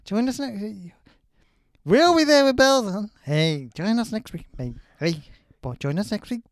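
A man voicing a loud, excitable Liverpudlian character in an exaggerated Scouse accent, drawing his words out during a comic sign-off. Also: sits high, no room sound, pitched above the performer's own voice. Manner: shouty, drawn-out, exaggerated.

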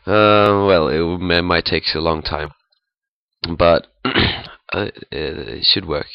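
A man giving a pronunciation lesson, speaking haltingly with many fillers and repeating sounds to demonstrate. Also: low voice, vocal fry, no echo, muffled recording. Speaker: language teacher.

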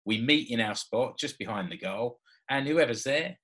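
A man's voice: mid-range voice, expressive, normal speed, a bit bright. A man in his forties, a podcast co-host telling a personal story in casual chat, laughing often and restarting his sentences. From Britain. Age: 40s.

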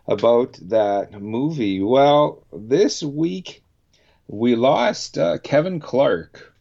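A man's voice: medium pitch, lively intonation, extremely slow, creaky, warm tone. A Canadian man hosting a radio show, chatting casually and rambling with many restarts. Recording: dull lo-fi sound.

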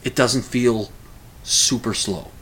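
A man hosting a podcast, delivering a casual solo monologue in a rambling, animated way with frequent restarts. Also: medium pitch, slow, slightly rough.

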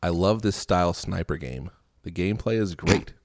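A man's voice: deep voice, normal speed, no echo, studio quality. A man co-hosting a casual podcast, playful and laughing as he reads listener reviews aloud. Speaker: podcast co-host. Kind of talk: casual chat.

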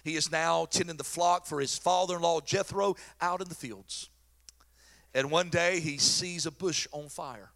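A middle-aged pastor preaches with a bright, forceful edge to his voice. He tells stories and jokes in a folksy, animated way. His voice sits high for a man. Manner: folksy, joking, animated storyteller. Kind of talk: sermon.

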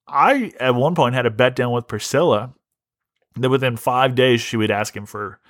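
A man hosts a comedy podcast, ranting and telling stories in a loose, rambling flow full of swearing and restarts. His voice sits at a middling pitch, recorded close and dry with no room sound. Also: normal speed, a bit bright, dry recording. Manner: rambling, profane, restarts a lot. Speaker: podcast host. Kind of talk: casual comedic rant.

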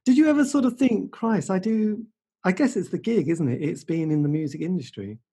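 Host, mellow husky voice, animated delivery, casual chat. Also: mid-range voice, quick pace. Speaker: interviewer. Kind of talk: casual interview.

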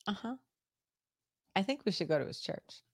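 A woman's voice: mid-range voice, very animated, normal speed, no echo, studio quality. An American woman co-hosting a podcast, chatty and teasing, chiming in during casual chat. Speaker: podcast co-host.

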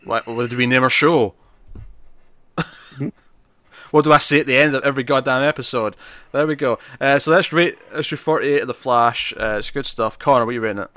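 A man hosting a casual comic book podcast, rambling with quick asides. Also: medium pitch, fairly bright tone, no echo. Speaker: podcast host. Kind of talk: casual chat.

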